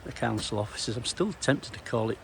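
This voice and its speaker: A middle-aged man narrates a stroll around a small town in a gravelly, mid-pitched voice. He rambles casually from one sight to an anecdote about his old police days, with a dry sense of humour. A faint hum of the street sits under his voice. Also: lively intonation, a little fast. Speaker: former police officer giving a walking tour. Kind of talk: casual walking-tour narration.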